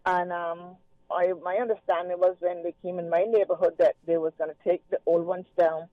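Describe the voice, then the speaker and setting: A man calling in to a radio show, talking in a relaxed, rambling way with many fillers. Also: sits high, fairly quick, no echo. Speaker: caller. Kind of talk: casual phone-in chat. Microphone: telephone. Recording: tinny phone line.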